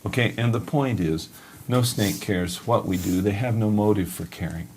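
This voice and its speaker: Low-voiced male Bible teacher. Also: normal speed, slight background noise. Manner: storytelling, asks and answers his own questions. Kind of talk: teaching sermon.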